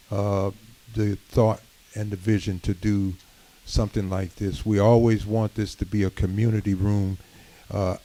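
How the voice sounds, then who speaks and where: A middle-aged man giving a sermon-style address at a community gathering, measured and full of "uh" fillers, building to emphatic points. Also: on the low side, dark tone, poor audio.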